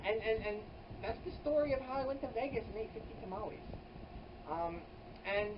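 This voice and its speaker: A comedy vlogger tells a rambling story packed with "like"s, fillers, and restarts, making sudden exaggerated jumps in pitch and loudness. A camera mic some distance away picks him up in a hot indoor room. The sound is dull, with a faint air-conditioner hum behind it.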